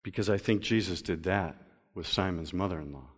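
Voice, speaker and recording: A male pastor delivering a sermon, moving between loud emphatic stretches and slow, quiet reading. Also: low-pitched, slightly rough. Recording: long reverb of a large hall.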